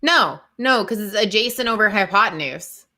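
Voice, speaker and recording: Bright-voiced chatty woman. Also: mid-range voice, lively intonation, moderate pace. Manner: chatty, thinks aloud, uses "like" a lot. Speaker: co-presenter. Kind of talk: casual chat.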